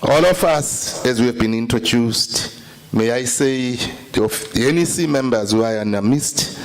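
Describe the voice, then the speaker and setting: A South African man with a mid-pitched voice delivers a formal political address in a conference hall. His delivery is measured, with some pauses and fillers. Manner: leads rousing viva chants, then formal address. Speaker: speaker. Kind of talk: political speech.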